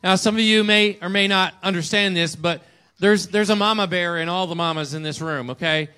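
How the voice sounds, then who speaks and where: A man's voice: high voice, brisk, pushed and bright, smooth. A male pastor giving a conversational sermon to a congregation in church, often checking in with a rhetorical "right?". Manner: conversational, asks rhetorical "right?" and acts out quotes.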